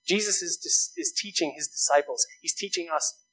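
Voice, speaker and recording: A male pastor delivering a sermon in a notably high voice. He speaks earnestly, stacking rhetorical questions and pressing his points with rising emphasis. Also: normal speed, few pauses, fairly bright tone, low-quality recording.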